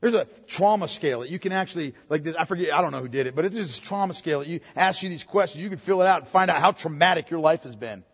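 A man's voice: on the high side, fast, hardly any pauses, husky, big-room sound. A pastor preaching a sermon in a conversational way, firing off rhetorical questions and calling listeners "man.".

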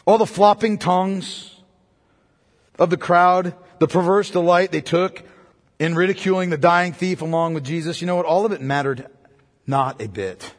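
A man preaches a sermon in a somewhat high, husky voice. He swings from ringing, emphatic proclamation to hushed, quiet passages. A long hall reverb trails behind every phrase. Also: moderate pace.

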